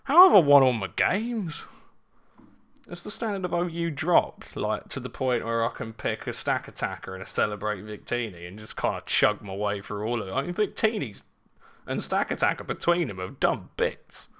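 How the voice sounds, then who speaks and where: An Englishman talks at home into a handheld mic, rambling and sardonic with plenty of swearing. His pitch jumps about animatedly and his tone is bright and tense. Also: very animated, normal speed. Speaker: gaming channel host. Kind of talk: casual battle commentary and rant. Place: home living room. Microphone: handheld desk mic.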